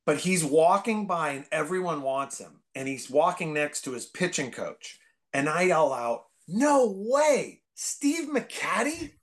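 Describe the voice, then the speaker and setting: A man from the Bay Area, a comedian guest, telling rambling stories full of fillers and bursting into loud, excited impressions. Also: a little high, normal speed. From San Francisco Bay Area. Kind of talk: casual podcast storytelling.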